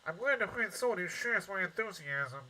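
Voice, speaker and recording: A man's voice: high voice, expressive, moderate pace, bright, forceful tone, voice pushed up, heavily acted, low-quality recording. A man voicing an earnest, bookish young male knight in a nasal put-on voice, reading game dialogue aloud. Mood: eager.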